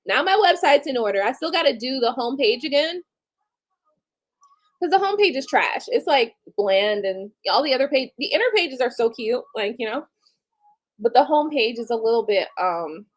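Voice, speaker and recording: Late-30s woman on a live stream, kinda high voice, blunt and candid, swears casually. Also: animated, brisk. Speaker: livestream host.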